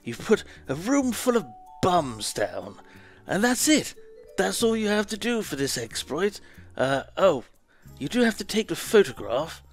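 A man's voice: high-pitched, very animated, a little slow, hardly any pauses, soft background music. A man casually walking through a video game trick, chatty and hesitant, stopping to correct himself as he goes. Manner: chatty, hesitant, self-correcting while explaining. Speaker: let's play commentator. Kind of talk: casual gameplay walkthrough.

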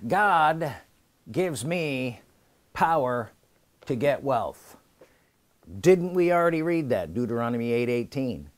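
Slow, emphatic preacher man, higher voice. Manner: repeats key phrases, calls for congregation to say them back; emphatic, slow and deliberate with pauses between words. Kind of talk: sermon.

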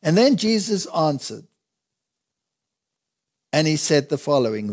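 A man's voice: a little high, very animated, a little slow, long pauses, a little mellow. A man teaching the Bible in conversation, earnest and emphatic, reading scripture aloud in old-fashioned wording.

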